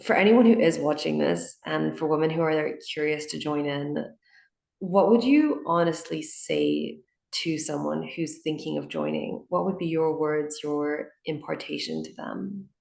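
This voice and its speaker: A woman's voice: low voice, unhurried, vocal fry, a little mellow, echoey room. A woman coach hosting an interview, casual and encouraging in how she asks her guest questions. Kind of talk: supportive interview.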